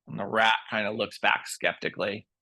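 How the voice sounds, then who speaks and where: A man guiding a restorative yoga class and telling a story in a calm, gentle way. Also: lowish voice, moderate pace. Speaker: yoga instructor.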